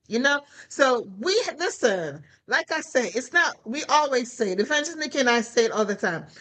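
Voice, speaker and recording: A woman minister preaching to her listeners with lively exhortation and rhetorical questions. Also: high voice, rough recording. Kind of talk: preaching to a prayer call.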